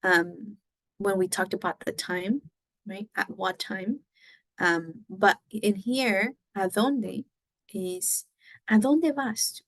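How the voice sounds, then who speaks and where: Taking it slowly in a mid-range voice, a woman explains a Spanish lesson in English and Spanish, often adding "right?" to check in. The recorded lesson has no echo, and her speech is full of fillers and restarts.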